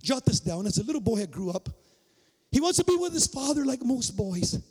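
A male pastor from a Mexican-American migrant family, preaching with stories, acting out dialogue and shouting for emphasis. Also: very high voice, sing-song, fairly quick, breathy edge. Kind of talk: sermon with storytelling. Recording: long reverb of a large hall.

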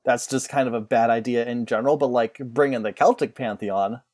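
A man's voice: medium pitch, fairly even intonation, a little fast, a little mellow. A man co-hosting a podcast in casual chat, playful and jokey. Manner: playful, jokey, puts on silly voices. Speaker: podcast co-host.

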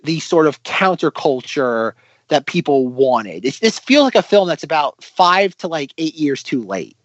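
A man's voice: fairly high pitch, unhurried, no echo. A man co-hosting a film podcast, talking casually and thoughtfully, correcting himself as he goes. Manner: thoughtful, lively, self-correcting. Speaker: podcast co-host. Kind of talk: casual film review chat. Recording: dry, slightly muffled audio.

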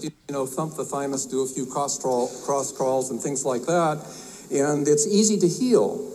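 A man who is an herbalist giving a talk to health practitioners, folksy and halting, with many fillers and restarts. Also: on the high side, warm tone, poor audio. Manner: tells a joke with acted voices. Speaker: herbalist speaker at a health conference.

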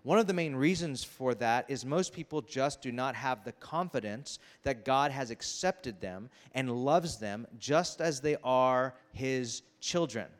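A male pastor preaching a sermon, animated and conversational, acting out the people in his stories with quick asides. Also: medium pitch. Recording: long reverb of a large hall.

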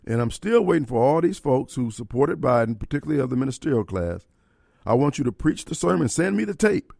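Fiery talk radio host, gravelly. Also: male voice, medium pitch, very animated, fast talker, darkish tone, dry recording, studio quality. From Mississippi. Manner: blunt, fiery, emphatic.

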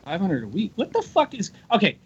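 Husky, high-voiced young man on lo-fi audio. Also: a little fast. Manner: crude, laughing, animated storytelling. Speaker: podcast guest. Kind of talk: casual chat. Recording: dull lo-fi audio.

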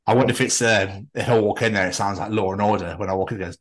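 A man's voice: fairly low pitch, fast talker. A man co-hosting a podcast, joking and swearing in casual chat, with frequent laughs. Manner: sweary, jokey, lively, bursts of laughter. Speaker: podcast co-host.

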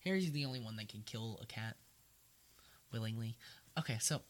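A man co-hosting a casual podcast, retelling a story with animated energy. He slips into quick character voices as he goes, at an ordinary middle pitch. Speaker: podcast co-host. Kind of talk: casual chat retelling a book.

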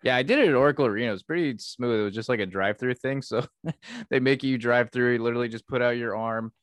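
Chatty laughing young man, smooth voice. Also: medium pitch, fast talker, no echo. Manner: chatty, laughs often, self-deprecating. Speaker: podcast co-host. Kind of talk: casual chat.

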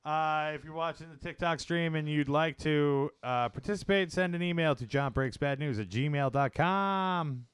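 A man hosting a live stream of prank calls, with deadpan, mock-polite insults. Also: on the high side, moderate pace, hardly any pauses, clean tone, dry recording. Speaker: prank call host.

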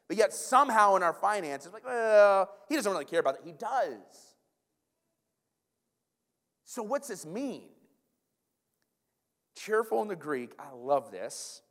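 Male pastor, higher voice, lively sermon with restarts, long reverb of a church hall. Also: a little slow, pauses often. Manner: animated, stumbling restarts and repeated words. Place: church sanctuary.

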